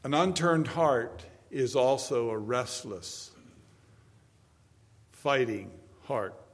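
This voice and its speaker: A man in his seventies preaching a sermon, moving between quiet storytelling and loud, emphatic preaching. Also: mid-range voice, animated, extremely slow. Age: 70s. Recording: long hall reverb.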